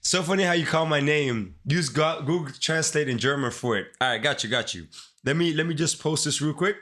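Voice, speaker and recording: Here a Caribbean-accented man streams himself coding and talks casually with his audience, laid-back and slangy, addressing them head-on. He speaks fairly quickly, his voice on the high side and a bit bright.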